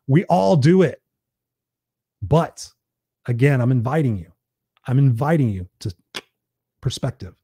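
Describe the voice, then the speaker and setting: A man's voice: medium pitch, sing-song, unhurried, long pauses, dark tone, husky, no room sound, studio quality. A man hosting a live stream, giving a blunt, preachy motivational talk in a casual, conversational way and swearing freely.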